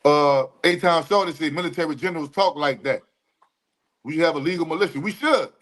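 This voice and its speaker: A man co-hosting a casual livestream podcast, talking in loose street slang with drawn-out emphatic asides. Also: a little high, a bit bright. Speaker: podcast co-host.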